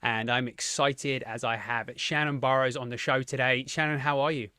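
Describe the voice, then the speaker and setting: Bright, dry-sounding English male podcast host, friendly and chatty. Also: mid-range voice, steady tone, normal speed, clean tone, no room sound. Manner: friendly, chatty, filler-heavy. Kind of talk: casual interview chat.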